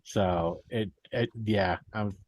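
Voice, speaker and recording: A man co-hosting a casual chat about tabletop games, who builds a scene step by step with dramatic pauses. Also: fairly low pitch, a little mellow, no room sound. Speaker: podcast co-host.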